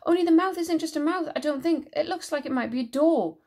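A woman voicing an excitable young traveller boy who talks eagerly and insistently in dialect. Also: high voice, fairly quick, voice pushed up, natural voice. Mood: excited.

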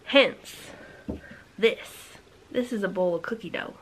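A woman vlogging to camera in a casual chat, talking quickly and energetically, teasing with rhetorical questions and sometimes dropping into soft, near-whispered asides. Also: medium pitch, slight background noise, rough recording. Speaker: book vlogger.

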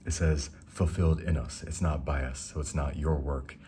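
A young man giving a casual, rambling devotional talk, reading verses slowly and enthusing between them. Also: rumbling low, steady tone, dark tone, a little hiss or hum. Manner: reads scripture slowly. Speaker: Christian speaker.

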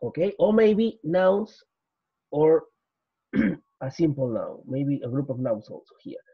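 A man's voice: fairly high pitch, slow, gravelly, husky, no echo. A male English teacher giving a repetitive grammar lecture, drilling each point and slipping into Spanish to explain. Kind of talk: slide-based grammar lecture. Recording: dull lo-fi recording.

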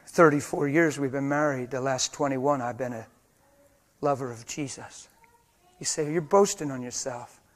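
A middle-aged man preaching a passionate sermon, swinging between loud emphasis and soft, hushed storytelling. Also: mid-range voice, a little hiss or hum.

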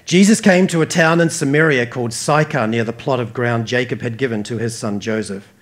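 A man with an Australian accent preaching a sermon earnestly, rising emphatically and dropping soft. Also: mid-range voice, a little fast. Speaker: pastor.

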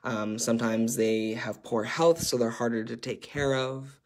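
A man's voice: mid-range voice, steady tone, measured pace. A man facilitating a workshop, explaining a chart in a conversational way with frequent ums and uhs.

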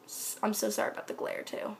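A woman's voice: fast talker, a little hiss or hum. A teenage girl chatting casually through her hair care products, rambling with lots of fillers. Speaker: beauty vlogger. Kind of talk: casual product review vlog.

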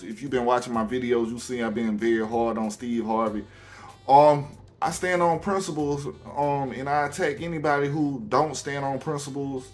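Halting Southern man from Alabama. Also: medium pitch. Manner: halting, many ums and restarts, says man often. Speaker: YouTuber. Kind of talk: casual talk to camera.

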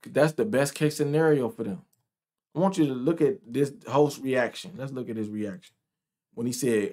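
A man ranting and reacting to news clips, loud and profane, repeating his points over and over. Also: medium pitch, moderate pace. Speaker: commentator.

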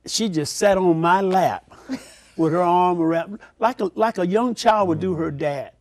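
An older man, a father, recalling a family reunion in a slow, heartfelt, reflective way. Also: high-pitched, no room sound. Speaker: guest. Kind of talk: heartfelt recollection.

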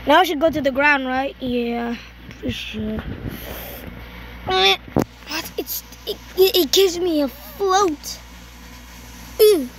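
A woman giving casual, excitable gameplay commentary, shrieking and cursing at what happens in the game. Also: high voice, slow pace, long pauses, a little hiss or hum. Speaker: gamer.

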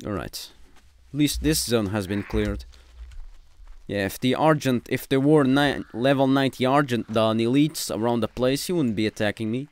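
A man's voice: mid-range voice, moderate pace, a little mellow, no echo. A man giving gameplay commentary, ranting in irritation at other players. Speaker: gaming YouTuber.

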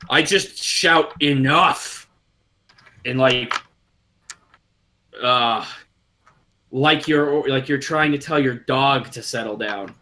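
A man's voice: mid-range voice, takes it slowly, sharp tone. A man playing a tabletop game who hesitates and thinks aloud about his moves. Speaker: player.

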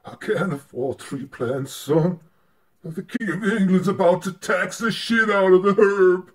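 A man voicing a solemn old colonial-era father scolding his son, slow and grave. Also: high voice. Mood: stern.

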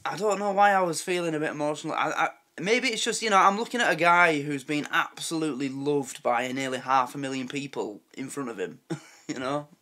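A man's voice: on the high side, brisk, bright, forceful tone. A man hosting a reaction video, chatting in a rambling, openly moved way. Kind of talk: casual reaction commentary.

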